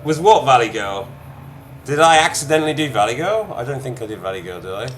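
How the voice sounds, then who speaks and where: A man giving excitable, chatty let's-play commentary while gaming, addressing viewers. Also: medium pitch, fast. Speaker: gamer streamer. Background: game music.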